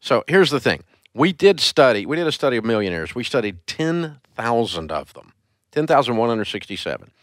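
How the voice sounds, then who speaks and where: A man's voice: medium pitch, very animated, fairly quick, no room sound, studio quality. A man hosting a call-in radio show, blunt and emphatic as he rants at a caller.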